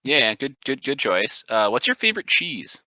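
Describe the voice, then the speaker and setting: A man hosting a casual podcast, quizzing his guest in a deadpan way. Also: medium pitch, moderate pace, no room sound. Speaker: podcast host. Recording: dull lo-fi sound, dry.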